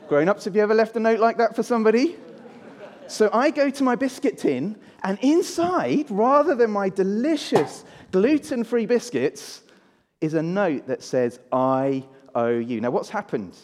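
A man's voice: sits high, big pitch swings, normal speed, darkish tone. A man giving a children's talk in a church service, drawing the congregation in and having them repeat words with him. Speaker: preacher. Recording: long church reverb.

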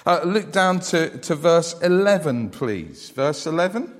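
A man preaches with animated emphasis, often turning to question his listeners. His voice sits fairly high for a man. The sound carries a long reverb, as in a church hall. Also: unhurried. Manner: animated, asks the congregation questions. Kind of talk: sermon.

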